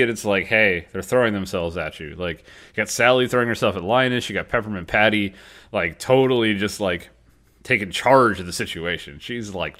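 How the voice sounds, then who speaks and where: A man co-hosting a casual podcast chat, slangy and animated, often acting out characters' lines. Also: on the low side, moderate pace. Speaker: podcast co-host.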